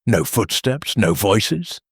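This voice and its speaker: A shrewd, soft-spoken detective voiced by a male narrator presses with quiet, deliberate questions. The voice is husky and unhurried, its pitch rising at the ends of questions. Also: very animated, no echo, studio quality, full character voice. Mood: probing.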